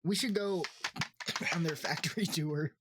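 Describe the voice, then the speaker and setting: A man co-hosting a casual podcast chat, relaxed, laughing often and trailing off into restarts. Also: fairly high pitch, unhurried, very noisy. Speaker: podcast co-host.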